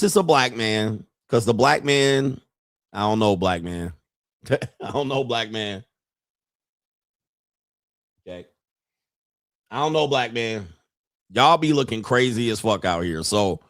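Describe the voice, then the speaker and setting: A man's voice: mid-range voice, no room sound, studio quality. Profane, mocking male commentator. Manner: profane, mocking, laughs often. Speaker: host. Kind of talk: casual commentary on clips.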